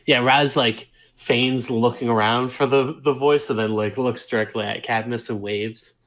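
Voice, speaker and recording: A man's voice: medium pitch, fairly even intonation, moderate pace, fairly bright tone. A man playing in a tabletop role-playing game, chatting casually and voicing his character. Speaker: player.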